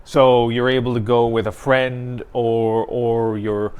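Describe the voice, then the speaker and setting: A man's voice: medium pitch, level tone, slow pace, clean tone, narrow, tinny audio. Chatty male newspaper co-host. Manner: chatty storyteller, laughs often. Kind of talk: casual chat.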